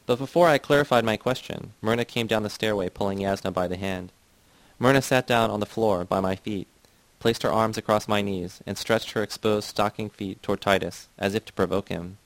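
A man reading a novel aloud in the first person, measured and even. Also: lowish voice, no room sound, poor audio. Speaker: audiobook narrator.

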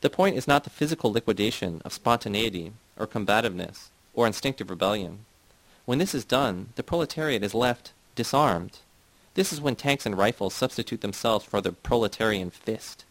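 A man reading a novel aloud as scripted narration, in a steady, measured way. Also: fairly low pitch, dry recording, rough recording. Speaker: audiobook reader.

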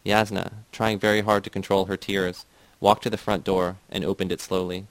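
A man reading a novel aloud as scripted narration, in a steady, measured way. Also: low-pitched, dry recording, poor audio. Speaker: audiobook reader.

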